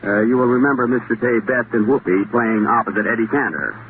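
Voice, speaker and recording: A man's voice: mid-range voice, a little fast. A man hosting a 1930s radio comedy show, trading dry, self-mocking wisecracks with hesitant fillers. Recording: tinny, noisy 1930s radio broadcast.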